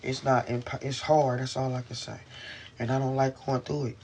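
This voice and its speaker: A man's voice: medium pitch, little pitch movement, moderate pace, darkish tone, slight background noise. A man venting into his camera in a rambling, profane, frustrated way while in pain, speaking from inside a car. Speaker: vlogger.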